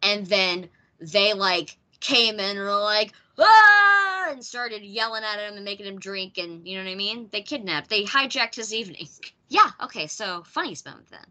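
A woman's voice: mid-range voice, moderate pace, few pauses, pushed and bright. A woman from the United States hosting a casual film podcast, asking questions and laughing often. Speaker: podcast host.

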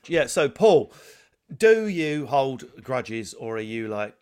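A man hosting a casual chat, playful and teasing, with quick jokes. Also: medium pitch, very animated, darkish tone, clear, resonant tone. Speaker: host.

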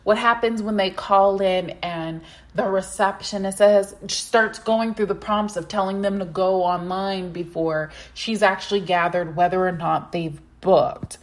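A woman's voice: medium pitch, steady tone, measured pace. A woman hosting a solo business podcast, giving advice in an emphatic way, repeating phrases for stress and asking rhetorical questions. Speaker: podcast host, practice consultant.

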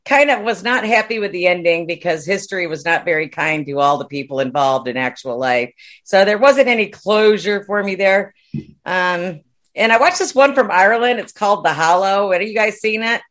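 A woman's voice: mid-range voice, moderate pace, fairly bright tone. A woman co-hosting a podcast, telling what she has been up to in an easygoing, chatty way. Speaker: podcast co-host. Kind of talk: casual chat.

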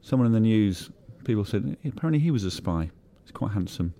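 A middle-aged man hosting a comic podcast, talking in a dry, deadpan, whimsical way. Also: lowish voice, brisk. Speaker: podcast host.

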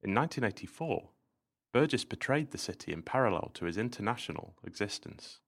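A man hosting and narrating a podcast episode in a measured, informative scripted style. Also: lowish voice, expressive, fairly bright tone.

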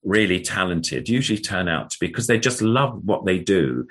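An older English puppeteer telling chatty, rambling stories in an interview. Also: male voice, low-pitched, very animated, normal speed, fairly bright tone. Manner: chatty, rambling, enthusiastic storyteller. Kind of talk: casual anecdotal interview.

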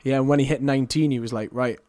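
A man's voice: medium pitch, fairly even intonation, fast talker, a little mellow. Chatty young man, casual musician guest. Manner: chatty, self-deprecating, laughs often. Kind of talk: casual chat.

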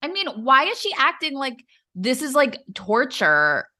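A woman's voice: sits high, animated, normal speed, sharp tone. A woman co-hosting a casual podcast, exasperated and blunt, swearing and filling with "like". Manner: exasperated, swears freely, many fillers. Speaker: podcast co-host. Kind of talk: casual chat.

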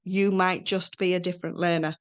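A middle-aged woman is a guest in a casual conversation, chatty and animated as she tells stories and acts out what people said. Her pitch is fairly low and she talks briskly.

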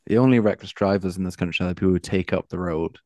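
A man's voice: sits low, fast, dark tone, no echo, close to an everyday voice. A man doing Rupert, a smug young local. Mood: needling. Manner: smug, needling. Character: cocky young male local who needles strangers.

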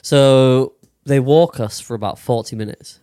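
A man's voice: medium pitch, unhurried, warm tone, smooth, no room sound. Young guy rambling thru a story, swears loads, dry close sound. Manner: swears a lot, rambling with many fillers. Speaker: podcast co-host. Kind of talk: casual storytelling chat.

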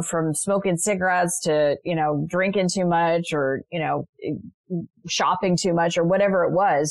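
On an interview show, a female guest described as a transformational leader and spiritual mentor recounts personal stories in an earnest, reflective manner, sprinkling in lots of "you know" asides. Her voice is on the low side, captured in a dry recording.

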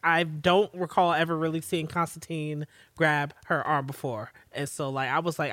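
A co-host on a podcast, recapping a drama episode in relaxed, hesitant casual chat with frequent laughs. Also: medium pitch, normal speed, dry recording. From New York City.

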